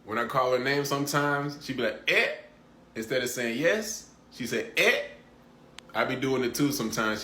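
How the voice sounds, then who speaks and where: A man's voice: mid-range voice, sharp tone, reverberant. A man chatting casually and with amusement, laughing at himself as he tries out phrases. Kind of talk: casual chat.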